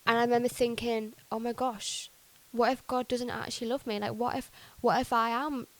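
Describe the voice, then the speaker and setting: Guesting on a podcast, a young woman talks through her personal faith testimony with lots of "like" and reenactments of her earlier words, all in a chatty manner. Her voice is a little high with a level tone, at normal speed. It's roughly recorded.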